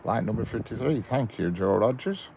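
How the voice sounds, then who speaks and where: A man's voice: fairly low pitch, lively intonation, normal speed, creaky, background noise. A man in a parked car chatting casually on a live stream, greeting viewers by name and chuckling. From England. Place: inside a parked car by a railway.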